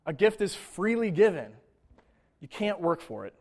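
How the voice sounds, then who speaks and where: A man preaching a sermon in a conversational way, with casual asides and quick mock voices. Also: high voice, very animated, darkish tone. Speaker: pastor.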